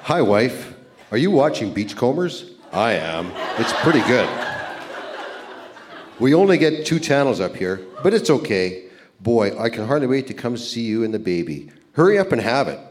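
A man's voice: mid-range voice, sing-song, normal speed, background noise. A man in his sixties reading his old love letters aloud on stage, playful and amused. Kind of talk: reading aloud to a live audience. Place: live event stage.

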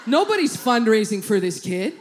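A woman's voice: a little high, big pitch swings, moderate pace, a little hiss or hum. Brash woman doing stand-up. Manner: brash, swearing, punchy storytelling. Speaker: stand-up comedian. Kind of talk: stand-up comedy set. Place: comedy club stage, audience laughing.

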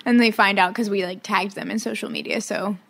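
A woman's voice: mid-range voice, steady tone, fairly quick, vocal fry, a bit bright. A woman on a podcast team, chatting casually in an easygoing way and often saying "like". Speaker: podcast team member, note-taker.

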